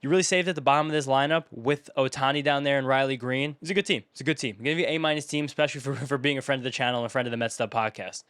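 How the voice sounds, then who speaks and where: A young man hosting his own channel, casually commentating as he grades viewers' fantasy baseball teams, riffing quickly through lists of player names. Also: mid-range voice, fairly bright tone, clean tone, dry recording, studio quality. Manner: rapid, chatty, riffing off a list of names.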